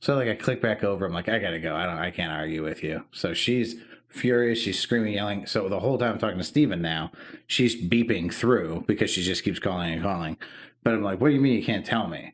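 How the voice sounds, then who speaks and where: A man's voice: sits low, fairly quick. A man in his thirties co-hosting a podcast, telling an emotional story in casual, profane chat. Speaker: podcast co-host.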